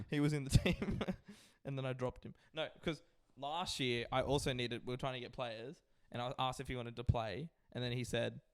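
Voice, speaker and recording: A man's voice: medium pitch, normal speed, few pauses, smooth. A young man hosting a podcast, chatting casually and teasing his brother with frequent laughs. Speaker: podcast host. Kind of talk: casual chat.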